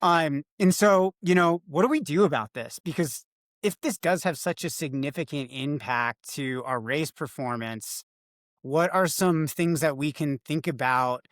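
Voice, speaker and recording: A man's voice: a little high, measured pace, a bit bright, dry recording, clean studio sound. A young man co-hosting a coaching podcast, explaining things in an easygoing, casual way. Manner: explanatory, easygoing, laughs often. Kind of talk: casual chat.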